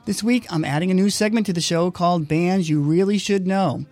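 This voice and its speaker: A man's voice: high-pitched, fairly quick, a little mellow, dry recording. A man hosting a podcast, reading a friendly, upbeat scripted introduction. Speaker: podcast host.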